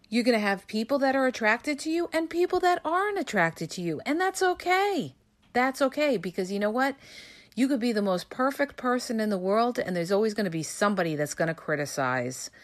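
A woman hosting a podcast, giving emphatic, coaching advice to listeners, checking in often with "okay?" and "all right?". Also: a little high. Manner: addresses listeners as "you guys". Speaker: podcast host. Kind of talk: casual advice monologue.

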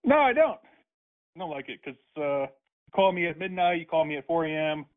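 Heard through a tinny phone line, this prank call target speaks fairly quickly in a voice on the high side with a steady tone. He rants in anger, hurling obscene insults.

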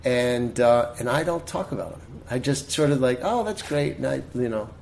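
A middle-aged man talks as a guest in a relaxed interview. He tells stories animatedly and restarts his sentences often, at a pitch of ordinary height. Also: normal speed, creaky, slight background noise. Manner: animated storyteller, many restarts. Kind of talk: casual interview storytelling.

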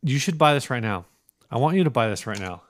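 A man's voice: mid-range voice, expressive, fast, a little hiss or hum. A man co-hosting a casual podcast chat, teasing his friend and reading listings aloud with mock quotes. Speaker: podcast co-host.

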